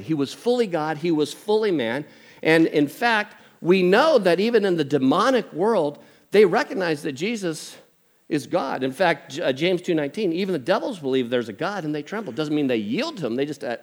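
An older man preaching a sermon as pastor, conversational, with jokey asides. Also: fairly high pitch. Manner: conversational, jokey asides, animated impressions of family.

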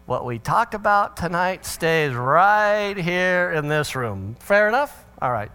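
This middle-aged pastor jokes his way through a parenting talk at church, switching voices to act out quotes in a conversational style. His voice is high and very animated, the pace slow, and the tone sharp yet clean.

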